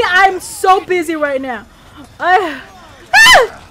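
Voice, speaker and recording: A woman's voice: very high-pitched, big pitch swings, normal speed, pauses often, heavy background noise. A woman streaming a horror game, chatting casually, panicky and jokey, bursting into shrieks and laughter. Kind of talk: casual gameplay commentary.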